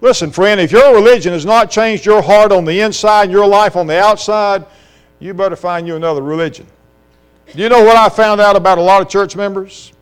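High, smooth preacher. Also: male voice, brisk. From South Carolina. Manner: impassioned preaching with rhetorical questions. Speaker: pastor. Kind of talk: sermon.

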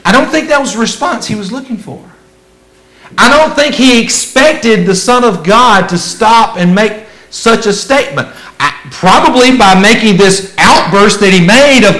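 Folksy preaching man, higher-pitched. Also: animated, moderate pace, low-quality recording. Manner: dramatic swings between loud emphasis and hushed asides; folksy, conversational preaching with rhetorical questions. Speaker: pastor. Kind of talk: sermon.

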